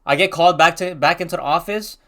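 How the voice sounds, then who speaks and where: A man's voice: on the high side, fast talker, bright, forceful tone. A young man casually telling a rambling storytime, full of slang and restarts.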